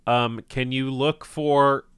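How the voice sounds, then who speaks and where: A man's voice: medium pitch, fairly even intonation, slow pace, fairly bright tone, clear, resonant tone. A man live-streaming a game in casual chat. He swears freely, rambles, and laughs often. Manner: profane, rambling, laughs a lot.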